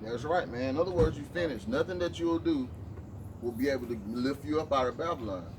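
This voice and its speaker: A man's voice: mid-range voice, fairly quick. A man preaching emphatically on a city street, tagging his lines with "man". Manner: emphatic, ends phrases with "man". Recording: distant mic with loud street noise.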